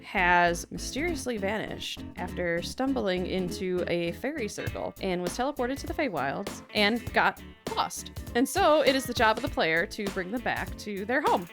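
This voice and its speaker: A woman's voice: mid-range voice, expressive, normal speed, over music. A woman hosting a gaming video, chatting in a bubbly, giggly way with many restarts and "like"s over a voice call. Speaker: Minecraft server builder and video host.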